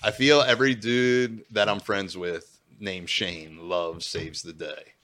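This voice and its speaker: A man's voice: deep voice, steady tone, takes it slowly, a bit bright. A man co-hosting a podcast, telling laid-back stories and saying "dude" constantly. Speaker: podcast co-host. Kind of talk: casual storytelling chat.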